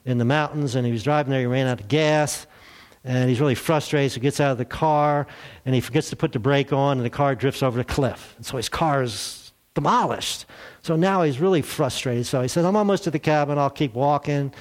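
A man's voice: mid-range voice, a little fast. A man preaching a sermon in a church, in a conversational way, asking rhetorical questions and telling light jokes. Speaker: pastor.

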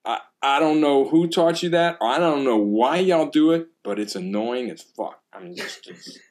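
Man, percussion teacher, casual animated storyteller on a podcast. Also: medium pitch, normal speed.

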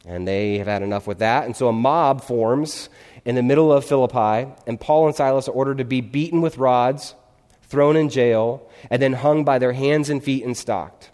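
A man's voice: mid-range voice, moderate pace, darkish tone. A male pastor giving a conversational sermon in a church, often checking in with his listeners. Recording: long hall reverb.

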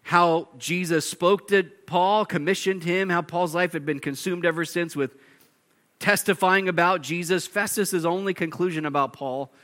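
A man preaching a sermon, animated, acting out shouting characters and laughing often. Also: on the high side. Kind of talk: expository sermon.

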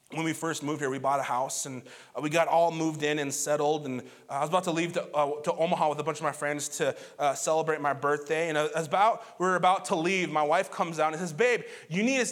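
Pastor, male, thirties, higher voice, chatty storytelling sermon that swings loud to hushed.

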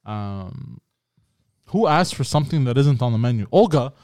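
Smooth-voiced host, dry close sound. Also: male voice, medium pitch, sing-song, normal speed, darkish tone, no room sound. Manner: laid-back, profane, laughing. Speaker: podcast host. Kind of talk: casual chat.

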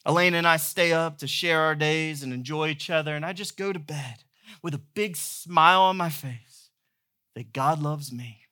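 A man's voice: fairly high pitch, normal speed, pushed and bright. A man in his thirties preaching a sermon as pastor, telling stories in a playful, humorous way. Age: 30s.

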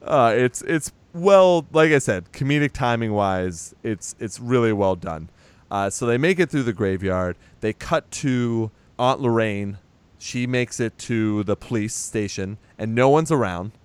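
A man's voice: medium pitch, animated, a little slow, clear, resonant tone, dry recording. A man casually retelling a movie's plot on a podcast, acting out the characters' lines and laughing along. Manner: rambling retelling with acted-out quotes and laughs. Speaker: podcast co-host recapping a movie. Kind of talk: casual chat.

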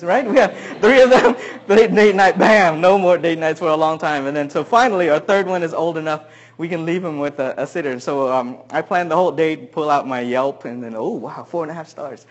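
A middle-aged man delivers a sermon in a fairly high voice. He tells a humorous personal story, swinging from loud punchlines down to quiet, hushed asides. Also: fairly quick. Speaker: pastor.

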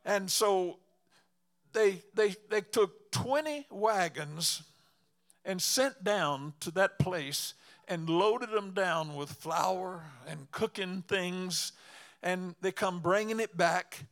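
Bright-voiced, fervent preacher man. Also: high voice. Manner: halting, repeats words, fervent exclamations. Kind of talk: storytelling sermon.

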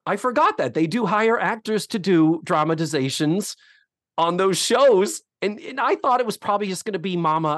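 A man co-hosting a podcast, casually recapping a TV episode with animated storytelling. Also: high-pitched, a little fast, dry recording, clean studio sound. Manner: animated storytelling, acts out quotes. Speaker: podcast co-host.

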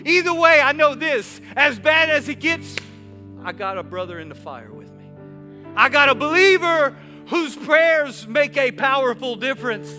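High, bright-voiced energetic preacher. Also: male voice, normal speed. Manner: energetic, repetitive call-and-response preaching. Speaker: pastor. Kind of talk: sermon. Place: church. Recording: reverberant hall with faint music.

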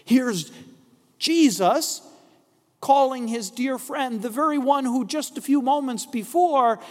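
A male pastor delivers a sermon in an unhurried, deliberate way and keeps posing rhetorical questions. His voice sits high for a man. A long reverb trails his words through the church sanctuary.

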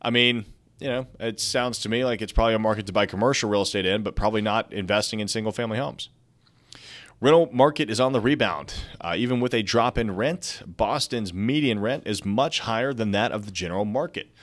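This young man hosts a relaxed real estate news podcast in a fairly low, slightly bright voice, moving at a fairly quick clip. He reads articles and interjects chatty comments, giving casual market news commentary.

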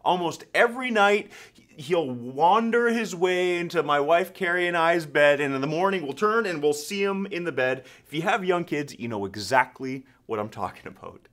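A man in his thirties, a pastor, giving an animated sermon-style talk, telling stories and restarting his sentences now and then. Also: fairly high pitch, normal speed. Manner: animated, storytelling, self-correcting.

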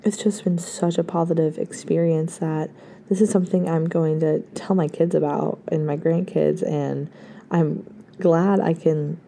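A hoarse young woman in her late teens, a podcast host giving an earnest, effusive farewell full of thanks. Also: sits low, fairly even intonation, unhurried, dark tone, slight background noise. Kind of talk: casual heartfelt farewell talk.

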